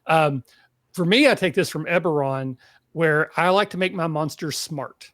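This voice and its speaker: On a tabletop gaming podcast, a panelist with a Kentucky accent chats casually, rambling animatedly and leaning on plenty of fillers. His voice is a little high, his speed normal, and the studio-quality recording has no echo.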